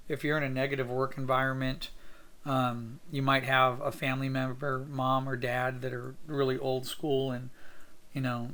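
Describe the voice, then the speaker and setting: A man's voice: medium pitch, bright, forceful tone. A man talking through his sketching as an art teacher, upbeat and encouraging, thinking aloud with plenty of fillers. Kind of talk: casual drawing tutorial narration.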